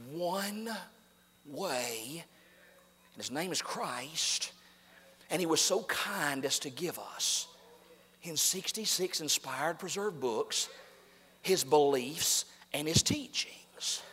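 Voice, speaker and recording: A man pastor preaching a fiery sermon, swinging from shouts down to hushed, near-whispered lines. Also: on the high side, in a large hall. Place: church sanctuary.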